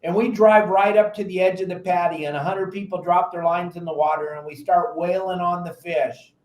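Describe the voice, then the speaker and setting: High-voiced, lively fishing show host. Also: male voice, fairly quick, roomy sound. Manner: animated storyteller, acts out frantic quotes. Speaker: podcast host and fishing captain. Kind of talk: casual fishing advice talk.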